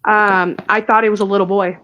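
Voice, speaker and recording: A woman's voice: medium pitch, level tone, brisk, fairly bright tone, highs cut off, a little hiss or hum. A woman, a guest in an interview, recounting a painful personal story in a rush, with restarts and asides. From Indiana. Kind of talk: emotional personal account.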